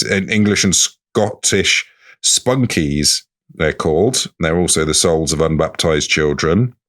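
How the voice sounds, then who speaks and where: A man's voice: low voice, a bit bright. A man co-hosting a comic folklore podcast, reading book passages aloud in a playful way. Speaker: podcast co-host.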